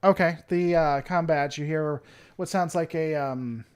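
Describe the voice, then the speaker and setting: A man's voice: a little high, measured pace, clean tone. A man running a tabletop role-playing game, narrating hesitantly and laughing often. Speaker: game master.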